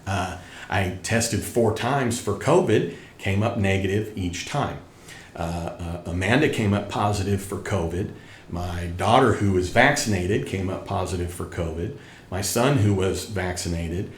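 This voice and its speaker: Emphatic man with a low voice in an echoey room. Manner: emphatic, repeats points, urges viewers. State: recovering from illness. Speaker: tax educator and channel host. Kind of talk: casual direct-to-camera talk.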